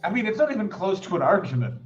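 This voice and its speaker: A man's voice: sits high, very animated, quick pace. A man with a slightly raised voice jokes in a profane, mock-grandiose tone, often turning the joke on himself. His sound is muffled and dull, with faint music running behind. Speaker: co-host. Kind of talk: comic banter.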